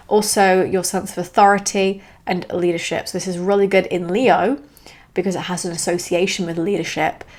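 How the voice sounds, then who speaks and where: Woman podcast host, young adult, lower-middle pitch, enthusiastic and chatty with jokey asides. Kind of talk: solo podcast monologue.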